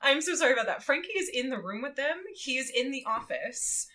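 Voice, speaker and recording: Bright, animated woman telling a story. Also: sits high, brisk. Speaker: guest co-host. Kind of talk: casual podcast chat recapping a book.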